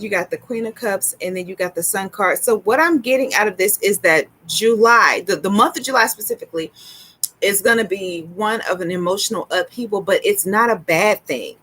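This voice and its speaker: A woman hosting a casual tarot livestream, chatty and excitable, greeting viewers by name as she goes. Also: medium pitch, breathy edge. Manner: sprinkles in laughs and exclamations. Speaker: tarot reader and livestream host.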